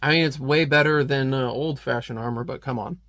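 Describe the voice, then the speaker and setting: A man's voice: medium pitch, brisk, fairly bright tone, no room sound. A man giving a chatty, amused, casual comic book review.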